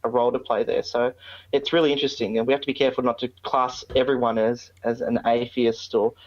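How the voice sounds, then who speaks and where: A man's voice: medium pitch, level tone, quick pace. A man with an Australian accent, a podcast guest chatting in an earnest, thoughtful way with frequent restarts. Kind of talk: casual chat. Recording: dull, lo-fi remote audio.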